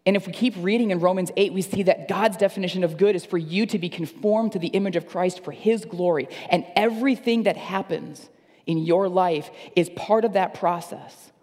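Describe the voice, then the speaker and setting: A man's voice: high-pitched, normal speed, darkish tone, big-room sound. A man preaching a sermon as pastor, earnest and repeating phrases for emphasis. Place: church service.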